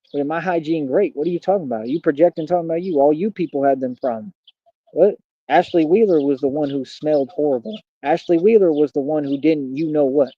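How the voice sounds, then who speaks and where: Young man, fairly high voice, defiant livestream rant, street slang, dull lo-fi audio, dry sound. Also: no room sound. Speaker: streamer.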